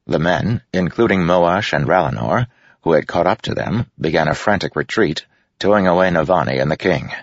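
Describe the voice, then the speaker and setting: A man reading a fantasy novel aloud in a measured, grave narration. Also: low voice, expressive, dry recording. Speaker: audiobook narrator. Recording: dull lo-fi audiobook recording.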